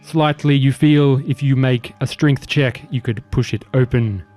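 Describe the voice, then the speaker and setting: A man running a tabletop game as dungeon master, giving calm, matter-of-fact rulings and narration. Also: medium pitch, a little slow, soft background music.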